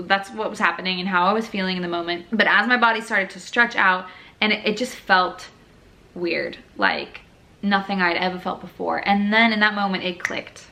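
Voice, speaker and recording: A woman's voice: medium pitch, pushed and bright. A young woman telling her own birth story in a frank, casual, chatty way. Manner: candid, frank, chatty with many fillers.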